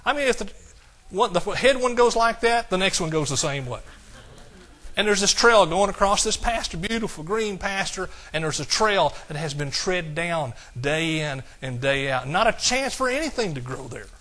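A man delivers an exuberant church sermon. His voice sits slightly high and sounds bright and forceful. He bursts into shouts of praise and slows to a deliberate, emphatic pace when reading scripture. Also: expressive. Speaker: pastor.

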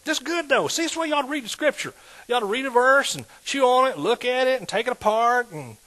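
High-voiced, animated preacher. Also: male voice, fast talker. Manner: animated, call-and-response preaching. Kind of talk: sermon.

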